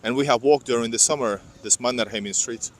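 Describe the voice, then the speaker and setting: A vlogger talks quickly in a mid-range voice as he walks a city street in winter. Chatty and rambling, he calls his viewers "guys" during this casual live vlog, recorded on a clip-on mic.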